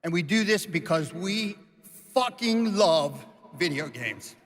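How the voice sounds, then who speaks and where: A man's voice: fairly high pitch, animated, slow, very noisy. Emotional man presenting on a stage. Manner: emotional, choked up. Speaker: studio co-founder presenting on stage. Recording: long hall reverb on stage.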